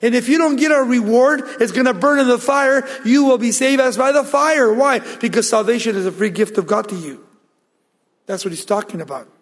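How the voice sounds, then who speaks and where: Male pastor, sermon delivery, emphatic call-and-answer, high voice, long reverb. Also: fairly quick. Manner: emphatic preaching, rhetorical questions answered aloud.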